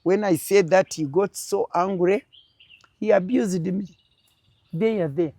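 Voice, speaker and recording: A woman's voice: medium pitch, fairly even intonation, measured pace, mellow, no echo. An older woman with a Ugandan accent, telling a political story as an interview guest with strong, emphatic feeling.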